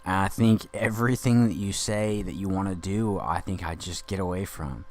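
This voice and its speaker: A man's voice: sits low, fairly even intonation, moderate pace, darkish tone, close to an everyday voice. A man playing an angry, rambling Dick Grayson in a profane comedic podcast monologue. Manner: rambling, profane, indignant ranting.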